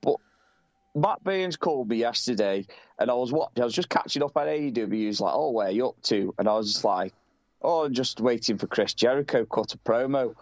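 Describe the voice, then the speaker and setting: A man's voice: mid-range voice, expressive, fairly quick, dry recording, dull audio. A British man chatting casually as a podcast co-host, rambling and swearing, often laughing. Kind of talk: casual chat.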